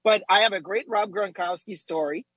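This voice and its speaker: A middle-aged man co-hosting a sports talk show, telling lively stories and acting out quotes. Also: sits high, normal speed, slightly rough, no echo, poor audio. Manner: animated storyteller, acts out quotes. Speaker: radio co-host, former goalie. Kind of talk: casual sports talk, storytelling.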